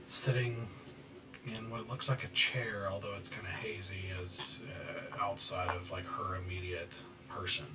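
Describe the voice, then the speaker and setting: A man narrating a scene as game master, halting and full of fillers. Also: deep voice, far from the mic, low-quality recording.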